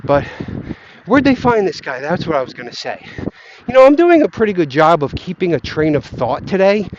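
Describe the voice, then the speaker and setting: A man's voice: sits high, very animated, moderate pace, a little hiss or hum. A young man who is stoned, ranting heatedly and swearing as he rambles on a walk outdoors. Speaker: vlogger ranting about markets. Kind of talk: rambling profane rant while walking. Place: outdoors, walking on grass. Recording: dull lo-fi outdoor recording.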